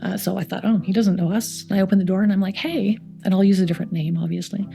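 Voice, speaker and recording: A woman's voice: mid-range voice, steady tone, fast, gravelly, faint music behind. A middle-aged woman with a Canadian accent, a youth community centre coordinator telling stories and acting out the voices of the people in them. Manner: warm anecdotal storytelling, acts out quoted voices. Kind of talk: storytelling interview.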